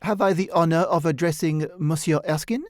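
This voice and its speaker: A man reading the lines of a polite, formal old gentleman in an audiobook story. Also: a little high, a little fast, dry recording, studio quality, natural voice. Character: courtly old gentleman messenger.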